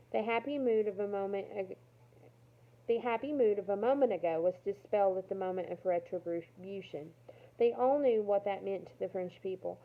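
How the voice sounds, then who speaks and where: A woman's voice: mid-range voice, moderate pace. Woman reading a novel aloud over a phone line. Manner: steady reading with brief asides. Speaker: reader. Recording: tinny phone-like sound.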